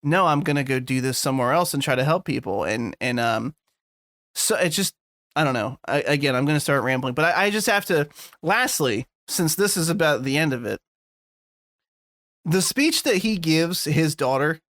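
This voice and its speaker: A man's voice: on the high side, expressive, normal speed, a bit bright, no room sound, clean studio sound. A man co-hosting a podcast, chatting casually and rambling, swearing now and then. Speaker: podcast co-host. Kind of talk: casual chat.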